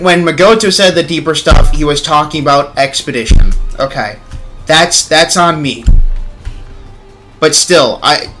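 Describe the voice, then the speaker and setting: A young man with a sharp, rather high voice chats casually on a gaming livestream. He rants about the game's story with heavy swearing, then apologizes for getting heated.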